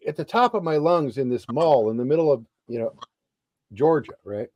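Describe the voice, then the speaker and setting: A middle-aged man and Army veteran telling a story in a casual interview, animated and swearing freely. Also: mid-range voice, moderate pace.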